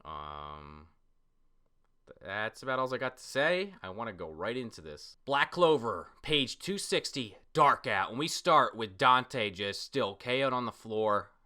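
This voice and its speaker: A man giving a casual, excitable manga reaction and recap, full of fillers and the odd curse when surprised. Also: lowish voice, a little slow, clear, resonant tone. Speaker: manga reviewer.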